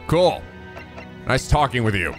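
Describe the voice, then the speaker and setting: Male let's-play host, animated and profane, soft game music under him. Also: medium pitch, unhurried. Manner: excitable, profane, laughing. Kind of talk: video game commentary.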